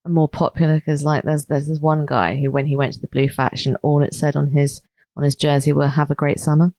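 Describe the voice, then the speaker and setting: A woman co-hosting a comedy podcast, chatting in a wry, mock-earnest way with halting restarts. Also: sits low, little pitch movement, dark tone, no echo. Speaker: podcast co-host. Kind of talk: casual comedic chat.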